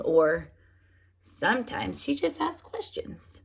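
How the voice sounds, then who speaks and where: A woman preschool teacher reading picture books aloud to young children, animated and often asking them questions. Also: a little high, a little slow, vocal fry. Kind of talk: storybook read-aloud for children.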